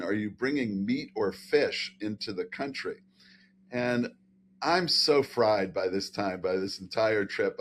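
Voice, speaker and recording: A man's voice: on the low side, a little hiss or hum. An older man, a scientist guest, telling a funny anecdote with lots of fillers and laughter. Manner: animated, laughing storyteller with many fillers. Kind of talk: anecdotal storytelling.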